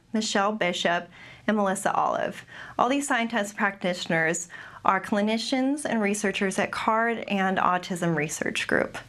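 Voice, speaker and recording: A young adult woman, a behavior analyst, gives a webinar talk and answers questions, with many pauses and restarts. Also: mid-range voice, fairly bright tone. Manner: careful, with frequent ums and restarts. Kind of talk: webinar presentation with Q&A.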